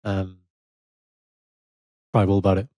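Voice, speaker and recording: A man, co-hosting a podcast in animated casual chat. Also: sits low, takes it slowly, no echo. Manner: animated, puts on voices in retold quotes. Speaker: podcast co-host.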